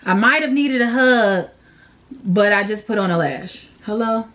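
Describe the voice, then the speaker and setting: A woman's voice: mid-range voice, a little slow, fairly bright tone, muffled recording. A woman chatting through a makeup tutorial, candid and slangy, openly sad and emotional as she vents between steps. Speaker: makeup vlogger. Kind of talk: casual makeup tutorial chat.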